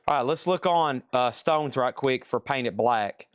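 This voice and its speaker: A man's voice: mid-range voice, no room sound, studio quality. A man hosting a live online record sale, rattling off items and prices in casual, chatty sales patter. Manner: brisk, rattles off item lists and prices; casual, chatty asides to viewers. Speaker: live auction host selling vinyl records.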